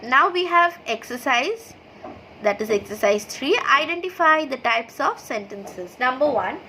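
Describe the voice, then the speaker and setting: A high-pitched woman with an Indian English accent teaches a children's grammar lesson, reading each example aloud and stopping to say "okay". A faint hiss sits under her voice. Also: expressive, pushed and bright, poor audio. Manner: reads sentences aloud, then names the punctuation; slow, explanatory, checks in with "okay". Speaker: school teacher. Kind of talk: online class lesson over slides.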